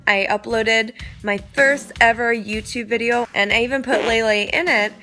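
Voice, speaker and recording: A woman's voice: on the high side, moderate pace, music in the background. A young woman telling a personal story casually, peppering it with "like" and quoting others. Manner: chatty, heavy use of "like", animated quoting.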